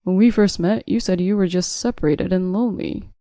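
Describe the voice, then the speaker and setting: A woman reads out a weak young husband who shouts his protests and begs for forgiveness. The voice is dark and mellow, set in a dry room with no echo. It is a storybook reading of a family drama. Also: lowish voice, fairly quick, close to an everyday voice. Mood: indignant. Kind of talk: audiobook narration.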